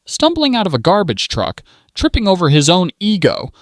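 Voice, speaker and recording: A man narrates a scripted celebrity-gossip roast in a mocking, punchline-driven way. His voice sits fairly high and leaps around expressively, and the recording is dry and close. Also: huge pitch swings, moderate pace, dry recording. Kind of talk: scripted sarcastic commentary narration.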